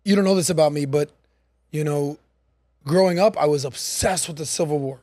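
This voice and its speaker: A man with a high, bright-sitting voice hosts a casual podcast conversation. He tells his stories with animation, slips into other people's voices and swears freely. The sound is dry and close. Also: brisk, no room sound. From United States. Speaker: podcast host.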